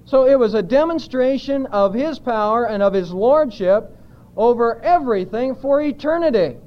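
A pastor preaches an expository sermon in a notably high voice, pressing his points with emphasis and tossing rhetorical questions to the congregation. His intonation is lively and his pace moderate. The recording is muffled and lo-fi, with dulled highs.

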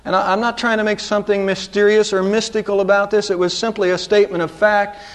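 A middle-aged pastor with a notably high voice delivers his sermon. He lifts his pitch for emphasis and then drops it low and quiet. The talk is dramatic and earnest from the pulpit. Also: flat delivery, fast talker. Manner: dramatic preaching with sharp rises and drops in pitch.

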